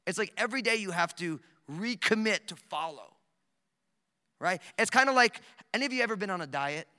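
A pastor in his thirties delivers a lively sermon, his voice sitting high and sounding piercingly bright. He jokes and rambles through stories with plenty of fillers. The sound rings with the long reverb of a big hall. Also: fairly quick. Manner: animated, joking storytelling with many fillers. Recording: echoey hall recording.

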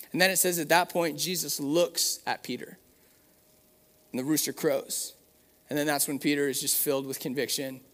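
A man's voice: a little high, fairly bright tone. A man preaching a sermon in an earnest, conversational way, with fillers and restarts. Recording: long hall reverb.

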